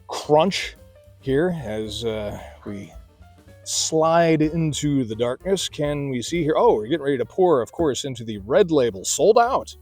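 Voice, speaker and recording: A man's voice: mid-range voice, darkish tone, dry recording. A middle-aged man hosts a casual beer review vlog outdoors in a garden at night. He talks in a chatty, folksy way and drifts into rambling asides. Faint music plays in the background.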